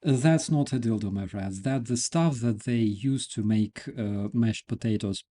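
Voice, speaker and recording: A man's voice: on the low side, unhurried, dark tone. A man with Ukrainian as his first language, hosting a casual news commentary, sarcastic and often laughing. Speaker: host.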